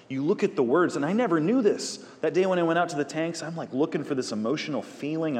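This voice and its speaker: Man teaching scripture in a reverberant hall. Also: a little high. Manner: conversational, animated, jokey asides. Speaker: pastor or Bible teacher. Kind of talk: Bible study teaching with prayer.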